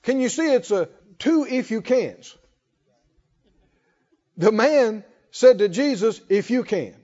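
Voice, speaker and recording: A man's voice: very high voice, animated, slow, warm tone. A man preaching a sermon in a folksy way, calling out to the congregation. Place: church hall. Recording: muffled hall reverb.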